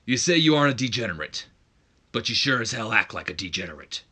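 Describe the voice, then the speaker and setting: A man putting on a boastful wrestling legend delivering a loud promo, as a jokey impression. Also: medium pitch, big pitch swings, fast talker, slightly rough, exaggerated voice. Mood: hyped promo.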